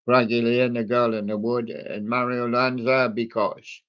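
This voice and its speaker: A man drifts through a playlist at an unhurried pace, trailing off into ums and small jokes. His voice sits in a middle register. The sound is muffled and lo-fi, like a home stream. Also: mid-range voice, level tone, smooth. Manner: slow, rambling and jokey, with many ums and asides. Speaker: livestream host reading out a music playlist. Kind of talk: casual running commentary between old songs.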